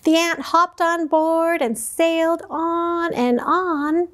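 A woman librarian reads a picture book aloud to young children in a very high, sweet voice. She goes slowly and animatedly and keeps asking her young listeners questions.

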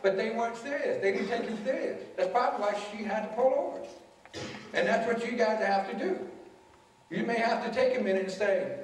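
A man's voice: sits high, fast, slight background noise. A male motivational speaker giving an anti-bullying talk to students, addressing them directly and acting out the voices he quotes. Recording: echoey hall from far off.

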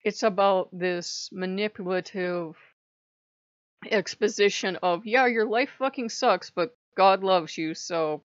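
A woman voicing a calm, blunt father god. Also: mid-range voice, slow, no room sound, lo-fi sound, lightly acted. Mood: soothing.

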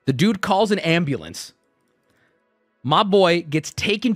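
A man's voice: a little high, lively intonation, moderate pace, no echo, studio quality, faint music behind. A male streamer hosting his show and telling a story in casual, profane style, laughing often as he talks. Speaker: streamer host.

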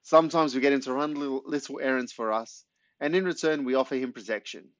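A man reads a first-person children's story with lively, animated delivery and sudden leaps in pitch. His voice sits in a middle register. The recording is dry and close, with a slightly dull top end. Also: quick pace, no echo. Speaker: audiobook narrator. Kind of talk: scripted first-person narration. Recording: dry, slightly muffled studio read.

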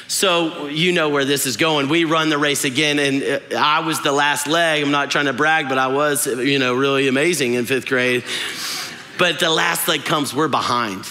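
A man's voice: a little high, moderate pace, bright, forceful tone. A young adult male pastor preaching a sermon, telling a self-mocking story and joking with the congregation. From West Texas. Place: large church auditorium. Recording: long hall reverb in a large church.

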